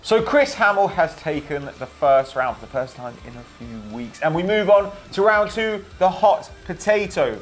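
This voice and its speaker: A man running and playing a football quiz, blunt and quick to swear in frustration. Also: on the high side, very animated, soft background music. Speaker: quiz host and contestant. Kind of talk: casual banter.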